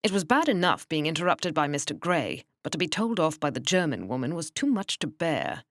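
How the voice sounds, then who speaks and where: A woman narrating an audiobook in a measured, wry first-person manner. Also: low-pitched, very animated, dry recording.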